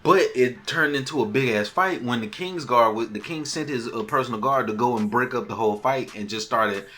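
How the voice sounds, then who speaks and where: A man's voice: medium pitch, a little fast, pushed and bright. A man hosting a casual podcast and recapping a TV episode, telling it animatedly and acting out lines in different voices. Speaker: podcast host.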